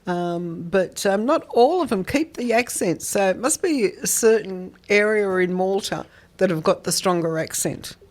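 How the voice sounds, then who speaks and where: A woman's voice: mid-range voice, lively intonation, moderate pace, hardly any pauses, a little mellow. Woman radio host, easy and encouraging. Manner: encouraging, frequent short affirmations. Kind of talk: casual radio interview.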